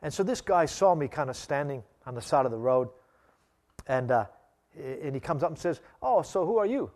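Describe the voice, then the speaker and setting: A man's voice: mid-range voice, moderate pace, darkish tone. A man preaching a sermon, telling stories in an emphatic, conversational way with frequent repetitions. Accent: non-local accent, not Australian. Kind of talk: sermon with personal storytelling.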